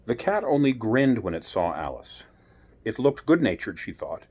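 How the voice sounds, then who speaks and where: A man's voice: lowish voice, sing-song, moderate pace, darkish tone, breathy edge. Man reading a bedtime story aloud.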